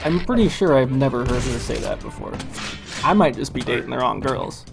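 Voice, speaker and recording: A man's voice: mid-range voice, expressive, fairly quick, vocal fry, over music. A man hosting and casting a live game stream, joking and rambling between matches. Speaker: esports caster and stream host. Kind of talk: casual live-stream commentary.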